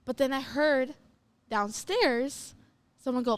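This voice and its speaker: A woman's voice: a little high, slow pace. A young woman co-hosting a youth podcast, telling a story in casual chat with many fillers and acting out what she heard. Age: young adult.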